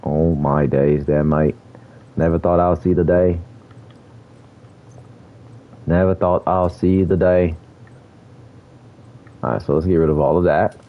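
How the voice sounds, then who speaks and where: Deep guy chatting over his game, laughs a lot, kinda muffled lo-fi mic. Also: steady tone, a little slow, long pauses. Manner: laid-back, laughs often, slangy and chatty. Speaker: gaming streamer. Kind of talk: casual gameplay commentary.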